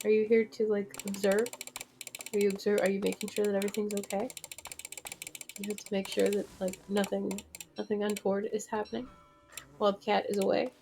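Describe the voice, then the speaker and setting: Casual woman streamer, rambling gameplay chatter, middle-pitched voice. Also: completely flat delivery, fairly quick, long pauses, mellow, a little hiss or hum. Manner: rambling, lots of fillers and restarts.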